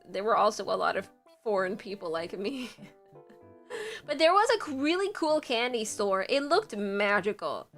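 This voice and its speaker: A woman's voice: fairly high pitch, fairly bright tone. A young woman from Puerto Rico chatting casually on a livestream, giggly and rambling with lots of fillers. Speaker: streamer.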